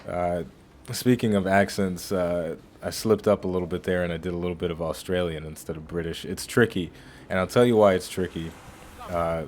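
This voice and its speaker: A man's voice: sits low, steady tone, moderate pace, a little mellow, a little hiss or hum. A man hosting a video game playthrough, chatting casually and rambling, often restarting his phrases. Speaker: gaming channel host. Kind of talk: casual let's-play commentary.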